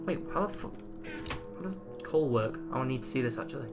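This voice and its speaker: A man's voice: medium pitch, expressive, fairly quick, loud music behind the voice. A man casually commentating his own gameplay, chatty and jokey, swearing now and then. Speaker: let's play host.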